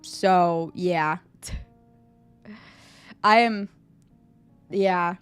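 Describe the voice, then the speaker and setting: A young woman streaming live, chatting casually with her chat and answering a quiz about herself, animated and at times breaking into loud high squeals. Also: extremely slow, clean tone, no echo, soft background music. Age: young adult. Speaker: VTuber streamer.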